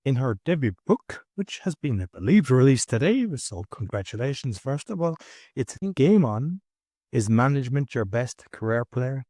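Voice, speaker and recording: A man's voice: mid-range voice, big pitch swings, normal speed, dark tone, dry recording, clean studio sound. An Irish man hosting a podcast, reading an intro and chatting loosely with many restarts. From Ireland. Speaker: podcast host. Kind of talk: casual podcast interview.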